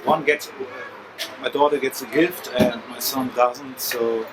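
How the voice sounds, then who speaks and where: A man gives short, hesitant answers in an offhand chat at an outdoor flea market. His voice is mid-pitched for a man. Loud background noise from the crowd and street nearly buries him. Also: steady tone, a little slow. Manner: brief, hesitant replies with fillers. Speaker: vlogger's companion, father. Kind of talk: casual chat.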